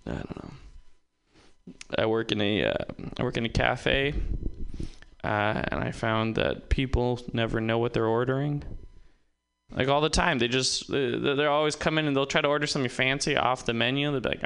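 A man's voice: mid-range voice, expressive, moderate pace, vocal fry, a bit bright, clear, resonant tone. A man doing a rambling, self-mocking stand-up comedy set, acting out little quotes, at an open-mic venue.

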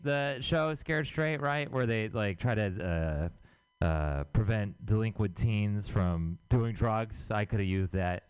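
A man's voice: lowish voice, clean tone, no echo. A young man from Texas doing a crude, rambling, self-mocking stand-up set. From Houston, Texas. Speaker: stand-up comedian. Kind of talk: stand-up set at open mic.

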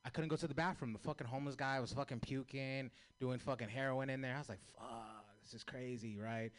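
A man doing a crude, self-mocking stand-up comedy set on a club stage, breaking into loud shouts. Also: medium pitch, fairly even intonation, fast, clear, resonant tone.

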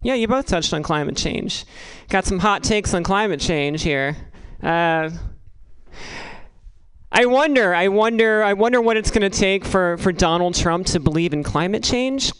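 A woman doing a stand-up comedy set, rambling and halting, with crude asides delivered deadpan. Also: mid-range voice, clean tone, low-quality recording.

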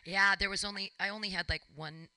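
A woman's voice: mid-range voice, fairly even intonation, brisk, bright, forceful tone, no echo. A woman hosting a show, chatting casually, playful and rambling. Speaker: host. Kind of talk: casual chat.

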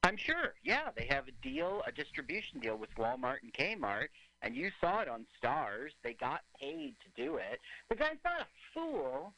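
Male co-host, animated and opinionated, bright voice, loose movie-riffing banter. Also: on the high side, moderate pace, no room sound, rough recording. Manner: animated, opinionated, laughs often. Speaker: podcast co-host. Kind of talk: casual movie riffing chat.

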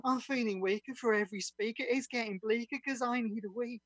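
A man's voice: very high voice, brisk, a bit bright, dry recording. A man performing spoken-word poetry over a video call, in a rhythmic sing-song delivery of mock desperation. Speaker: poet performing at an online open mic.

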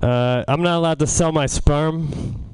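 A man's voice: a little high, unhurried, a little mellow, clear, resonant tone, no echo. A man doing a stand-up comedy set in a casual, rambling way. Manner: casual and rambling, with fillers and restarts. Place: comedy club stage.

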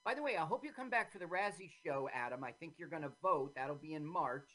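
A woman hosting a casual talk show, retelling an old film with animated voices for the characters. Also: deep voice, fast. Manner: animated storyteller, acts out quotes in loud voices. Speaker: podcast host.

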